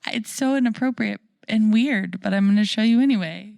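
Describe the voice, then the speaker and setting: Podcast co-host, woman in her thirties, gravelly, dry close sound, lively storyteller. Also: mid-range voice, a little fast, no room sound. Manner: animated, laughing storyteller. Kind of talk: casual chat, storytelling.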